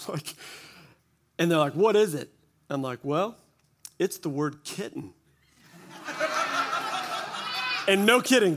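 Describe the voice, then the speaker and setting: A church speaker in his forties addresses an audience at a church gathering in a slightly high, somewhat bright voice. He tells stories with quoted asides in a testimony that pokes fun at himself.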